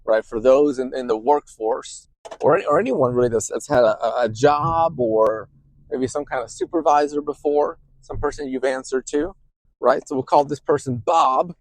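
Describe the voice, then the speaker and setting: A man's voice: mid-range voice, normal speed, dry recording. A man working as a therapist hosts a podcast, explaining ideas in a conversational way and often checking in with "right?". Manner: grows quieter and softer when describing intuition.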